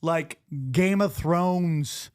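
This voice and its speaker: A man hosting a podcast in casual chat, joking and telling animated stories. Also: high voice, drawn-out words, smooth. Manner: animated, jokey storyteller who mimics others. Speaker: podcast host.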